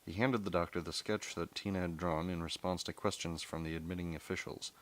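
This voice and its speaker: Deep-voiced man reading a novel aloud. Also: a little fast. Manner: steady reading with occasional stumbles and self-corrections.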